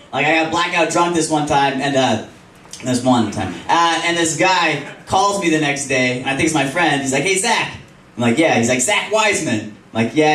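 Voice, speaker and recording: Crude young comic with lively pitch. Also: male voice. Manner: crude, self-mocking, laughing through punchlines. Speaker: stand-up comedian. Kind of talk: stand-up comedy set. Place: comedy club stage. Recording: roomy club, distant mic, audience laughing. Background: audience laughter.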